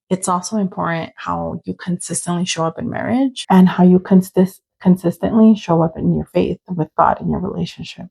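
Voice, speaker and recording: Young woman host, gravelly warm voice, earnest solo podcast talk, loose with fillers. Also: fairly low pitch, rough recording. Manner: earnest, open, with many "like" fillers. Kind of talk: personal podcast monologue.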